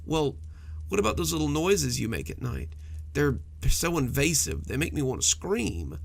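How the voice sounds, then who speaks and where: A man voicing a timid, frightened monster hiding under a bed, gravelly and pleading in a horror story. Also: a little high, huge pitch swings, normal speed, full character voice. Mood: fearful. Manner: blustering, whimpering, pleading.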